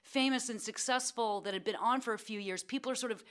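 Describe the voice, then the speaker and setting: A middle-aged woman telling stories as a guest in a casual interview, acting out quotes in an animated voice. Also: fast talker. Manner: animated, acts out quotes in a high excited voice. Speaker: guest actor.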